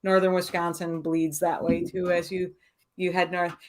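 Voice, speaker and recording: A woman's voice: lowish voice, flat delivery, normal speed. A woman from Minnesota with a Minnesota accent, co-hosting an interview in a chatty manner. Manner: chatty and laughing easily. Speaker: podcast co-host. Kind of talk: casual interview chat.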